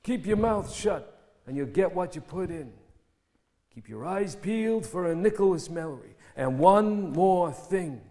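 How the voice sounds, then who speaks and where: An actor playing a scheming crime boss who gives cold, clipped orders in a stage play reading. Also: male voice, high-pitched, animated, measured pace, mellow. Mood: menacing. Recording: reverberant theatre recording.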